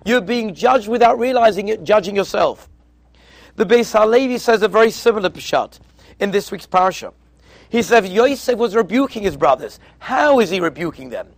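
A man's voice: high-pitched, animated, moderate pace, gravelly, no room sound. A man, a rabbi, giving a sermon to yeshiva students, telling stories and acting out their dialogue, with Hebrew and Yiddish terms mixed in. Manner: storytelling, acting out dialogue in quotes.

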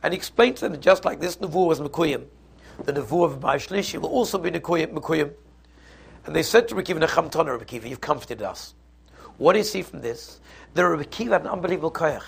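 Guy with yeshiva giving a torah shiur, gravelly and kinda husky. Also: on the high side, animated, fast talker. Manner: explanatory, mixes Hebrew and Yiddish terms, frequent restarts. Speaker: rabbi teaching a Passover class. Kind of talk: Torah lecture.

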